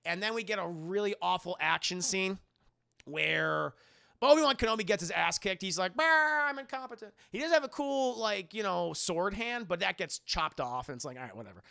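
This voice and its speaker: A man's voice: high-pitched, lively intonation, normal speed, creaky, pushed and bright. A man reviewing a film on stream, recapping its plot for his chat in a profane, jokey way and acting out the characters. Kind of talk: casual spoiler recap.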